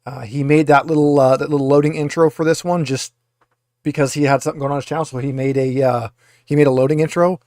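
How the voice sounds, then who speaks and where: A man's voice: fairly high pitch, steady tone, fast, darkish tone, no echo, clean studio sound. A man running a tabletop game as game master, talking in a rambling way with many filler uhs. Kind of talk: narrating a tabletop game over a video call.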